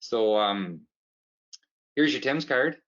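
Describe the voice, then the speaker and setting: A man's voice: medium pitch, animated, takes it slowly, a bit bright, dull audio. A man with a Canadian accent putting on a folksy, cheap male boss from a reality show who talks in a chummy drawl. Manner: chummy, drawling, full of "there" and "you know".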